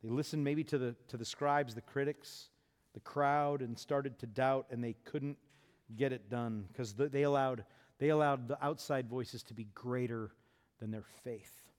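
A man preaching a sermon, acting out the voices of the people in his story and speaking with lively, conversational emphasis. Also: mid-range voice, measured pace, big-room sound. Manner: animated, acts out Jesus and disciples. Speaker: pastor.

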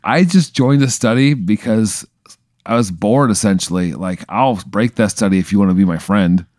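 A man chatting as a guest on a comedy podcast, relaxed and quick to laugh. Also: lowish voice, no echo, studio quality. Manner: laid-back, laughs often. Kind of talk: casual comedy banter.

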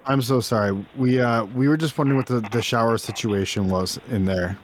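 A man's voice: medium pitch, fairly quick. A man co-hosting a podcast, making a prank call in a hesitant, mock-apologetic way. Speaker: prank caller, podcast co-host.

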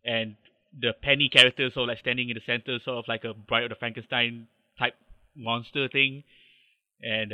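Malaysian-accented podcast guest, hesitant storyteller, dry slightly muffled line. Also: male voice, mid-range voice, no room sound. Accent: Malaysian English. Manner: rambling, hesitant with many restarts. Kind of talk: casual interview chat.

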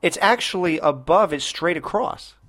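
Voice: mid-range voice, expressive, normal speed, a bit bright. A podcast co-host in casual movie chat who asks the others questions and riffs along. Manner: asks co-hosts questions, chatty.

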